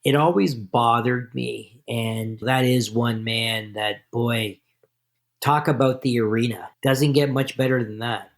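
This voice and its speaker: A man from Canada, a podcast guest, telling stories in a casual, animated interview. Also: medium pitch, a little slow, vocal fry.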